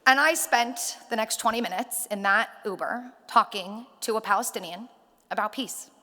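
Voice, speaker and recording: A woman giving a rally speech, telling stories and acting out the dialogue with lively energy. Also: medium pitch, normal speed. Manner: animated storyteller acting out dialogue. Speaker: rally speaker. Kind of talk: public speech with storytelling. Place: synagogue hall at a rally. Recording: reverberant hall.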